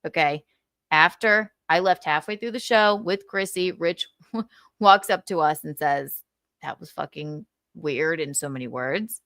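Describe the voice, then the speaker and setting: A woman's voice: sits low, a little slow, fairly bright tone, no room sound. A woman hosting a livestream, chatting and gossiping with lots of laughs, swearing and mocking impressions. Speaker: host. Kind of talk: casual gossip commentary on a livestream.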